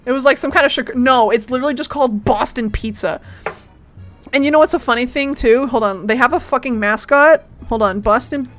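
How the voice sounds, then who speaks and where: Young woman streamer, high voice, giggly and excitable, casual chat, soft music playing underneath. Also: fairly quick.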